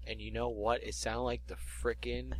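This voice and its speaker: A man's voice: medium pitch, level tone, normal speed, slight background noise. A teenage man from Canada, co-hosting a podcast in casual chat, telling school stories with animation and teasing his friend. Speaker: podcast co-host.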